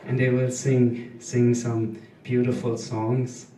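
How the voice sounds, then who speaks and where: Slow, deadpan German man on stage. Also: mid-range voice, distant mic, a crowd in the background. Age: 30s. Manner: hesitant, deadpan, halting with many ums. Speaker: stand-up comedian. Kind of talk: stand-up comedy set. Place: small live comedy venue. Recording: echoey room, voice off-mic.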